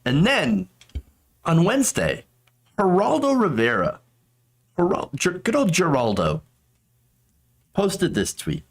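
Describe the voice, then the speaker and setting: A man's voice: high-pitched, huge pitch swings, slow, long pauses. A man hosting a political commentary show, talking in a sarcastic, mocking way.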